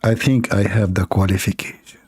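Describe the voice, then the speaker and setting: A man's voice: deep voice, steady tone, slightly rough. A man hosting a long live stream, reading aloud and mocking it with sarcastic asides and frequent laughter, his voice tired after hours of talking from a cold room at his computer. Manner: sarcastic, laughs often, slow and drawn out.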